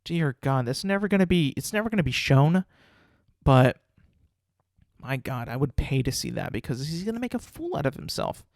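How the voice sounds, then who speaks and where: A man's voice: mid-range voice, sing-song, moderate pace, vocal fry, darkish tone, no room sound, studio quality. A young man hosting a casual solo podcast, talking in a rambling, profane, incredulous way. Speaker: podcast host.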